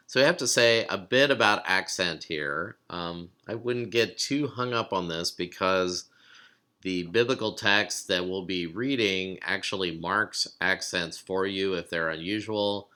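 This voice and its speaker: A man giving a recorded lesson, explaining steps calmly and sounding out words slowly. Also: low-pitched, smooth. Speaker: teacher.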